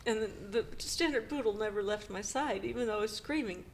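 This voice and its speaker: A middle-aged woman co-hosting a podcast, retelling a painful personal story in a halting, emotional way with nervous laughs. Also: fairly high pitch. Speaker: podcast co-host.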